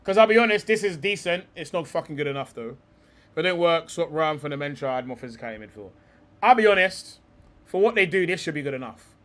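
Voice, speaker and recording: A man's voice: fairly high pitch, lively intonation, fast, a bit bright. A young man hosting a live stream, talking football in a rambling, heated way, swearing often and calling people bro.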